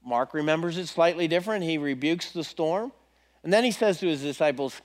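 A man preaching a sermon in a conversational, animated way, often repeating questions to his listeners. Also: a little high, fairly quick.

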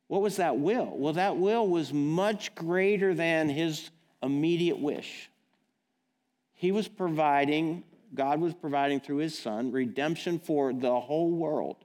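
A man's voice: on the high side, lively intonation, a little slow, a little mellow. A man preaching a sermon in a casual, direct, plain-spoken way, often asking his listeners questions. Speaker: pastor. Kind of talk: conversational sermon.

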